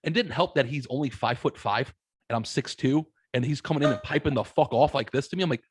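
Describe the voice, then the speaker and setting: A man from the United States, a podcast guest, telling casual stories in a blunt, heavily swearing, animated way. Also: mid-range voice, quick pace. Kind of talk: casual storytelling chat.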